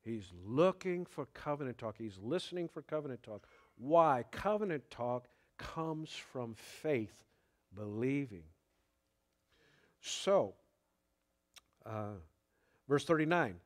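Slow, conversational male preacher. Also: medium pitch, lively intonation. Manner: unhurried, conversational preaching with fillers and chuckles. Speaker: pastor. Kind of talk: sermon.

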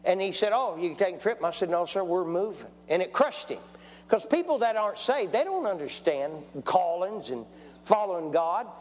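A man's voice: sits high, sing-song, moderate pace. A man, preaching a testimony sermon in a folksy storytelling way and calling for amens. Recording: long church hall reverb.

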